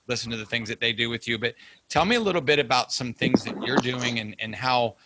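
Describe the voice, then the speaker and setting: A man hosting a casual podcast interview, asking long questions with halting repeated words. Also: medium pitch, bright, forceful tone, no echo, poor audio. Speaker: podcast host.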